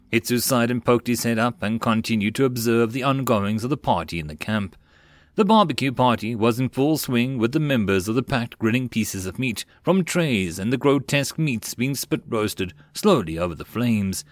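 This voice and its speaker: A male narrator reads a web novel aloud in a measured, storytelling manner. His pitch sits in the middle of the male range and moves freely. The recording is close and dry. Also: animated, no room sound. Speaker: audiobook narrator. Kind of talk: web novel audiobook reading.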